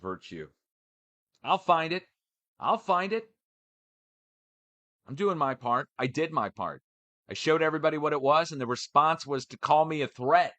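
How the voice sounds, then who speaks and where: A man giving a casual, animated ranting update for his channel, swearing as he goes. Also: on the high side, a little fast, no room sound. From United States. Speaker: channel host.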